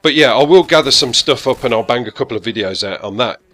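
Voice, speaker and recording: A man's voice: medium pitch, lively intonation, fast, fairly bright tone. A gaming YouTuber chatting casually to his viewers in a rambling, self-deprecating way. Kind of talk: casual talk to camera.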